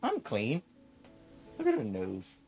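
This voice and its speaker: A man's voice: lowish voice, wildly swooping pitch, slow pace, darkish tone, soft background music. A man casually commenting as a gaming streamer, making joking, playful asides.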